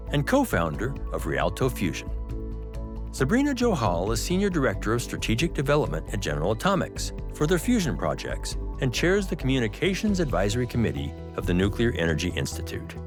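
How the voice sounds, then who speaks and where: A middle-aged man hosting an energy show, narrating from a script and then chatting curiously with guests. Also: mid-range voice. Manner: lively, curious, laughs easily. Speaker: host, energy scientist. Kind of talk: scripted narration and casual interview chat.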